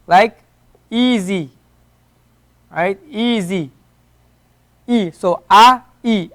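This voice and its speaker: Man, arabic teacher, high voice, slow and clear, repeats sounds patiently. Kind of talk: classroom lesson. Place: mosque classroom.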